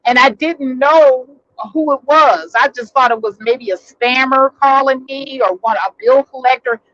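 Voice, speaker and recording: A woman's voice: sits high, a little slow, a bit bright, dry recording, muffled recording. A woman vlogger telling a personal story in a casual, rambling way, full of fillers and restarts, recorded in a vehicle.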